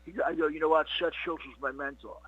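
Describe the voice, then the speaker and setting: Middle aged comedy guy rambling, pitched a bit high, bright sharp voice. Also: fairly even intonation, quick pace, breathy edge, no room sound. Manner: rambling, fills with "you know what" and "he goes". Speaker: comedian guest. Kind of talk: casual interview storytelling. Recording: dull lo-fi dry recording.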